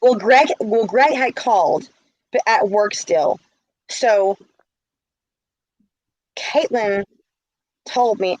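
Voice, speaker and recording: A woman's voice: medium pitch, very slow, pauses often, darkish tone, dry recording, highs cut off. A middle-aged woman telling a story in a casual vlog, heated and indignant. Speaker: vlogger.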